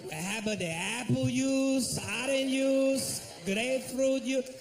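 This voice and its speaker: A man voicing a male fast-food cashier who speaks broken, halting English, slow and confused. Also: extremely high pitch, faint music behind, pitched above the performer's own voice, heavily acted. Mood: slow, earnest. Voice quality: slow, halting speech full of mispronunciations.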